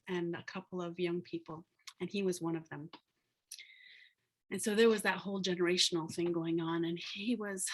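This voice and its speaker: A woman giving a casual storytelling talk as a guest speaker and planner, filling with "like" and "you know", heard over a video call. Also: fairly low pitch.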